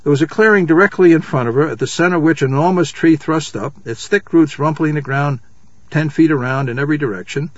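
Male storybook reader, husky, slightly high voice, dry dull home recording. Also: no echo. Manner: measured, announces page numbers. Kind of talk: reading a children's novel aloud.

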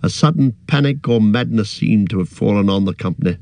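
Brief: male narrator, measured storytelling, low voice, dry close sound. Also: gravelly, mellow, dry recording. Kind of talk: audiobook narration.

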